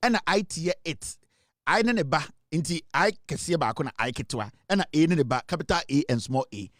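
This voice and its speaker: Man, Ghanaian accent, middle-aged, fairly high voice, dry close sound, animated livestream storytelling. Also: brisk, no room sound. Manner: animated storyteller who mixes Twi and English and laughs often. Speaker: host of a live online political show. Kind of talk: lively livestream commentary.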